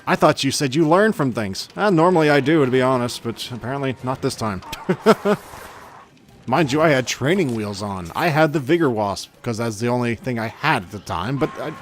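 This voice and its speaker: A man's voice: mid-range voice, lively intonation, a little fast, hardly any pauses, faint music behind. A man giving casual gameplay commentary as a channel host, chatty and self-mocking with grumbling asides.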